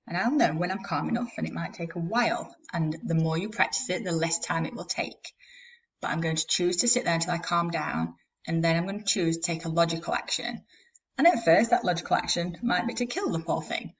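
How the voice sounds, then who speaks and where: A woman, a therapist, giving a casual, plain-spoken lesson to camera with small laughs. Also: fairly low pitch. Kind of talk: casual teaching talk to camera. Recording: dull, slightly distant sound.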